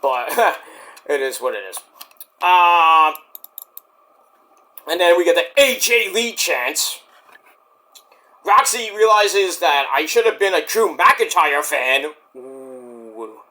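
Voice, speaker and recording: A man recapping a wrestling show in a casual, rambling vlog, cracking crude jokes and doing quick impressions. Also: on the high side, expressive, pushed and bright.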